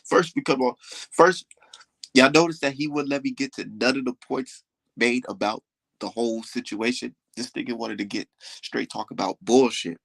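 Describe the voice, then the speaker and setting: Gravelly-voiced young man ranting on a livestream. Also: medium pitch, steady tone, normal speed, fairly bright tone, no echo. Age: young adult. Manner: boastful, dismissive, heavy swearing. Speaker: livestream host. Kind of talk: profane livestream rant.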